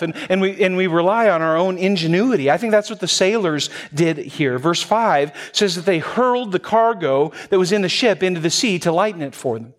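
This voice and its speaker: A man's voice: on the high side, moderate pace. A man preaching a sermon in a conversational way, often restarting phrases and chuckling as he addresses the congregation. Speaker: pastor.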